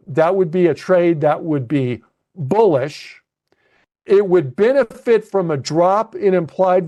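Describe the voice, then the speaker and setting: A man's voice: on the high side, mellow. A man coaching a live webcast lesson on options trading, thinking aloud as he clicks through trades on his screen and checks in with "okay?". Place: at a computer narrating a screen share.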